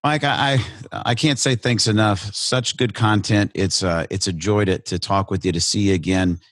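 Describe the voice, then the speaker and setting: An American man hosting a podcast, talking in a joking, animated way with frequent restarts. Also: lowish voice, normal speed, no room sound, studio quality. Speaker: podcast host. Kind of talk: casual podcast chat and monologue.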